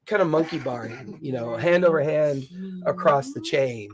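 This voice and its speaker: A man's voice: on the high side, moderate pace, crowd noise. A man narrating a tabletop game as game master, describing scenes vividly and laughing often.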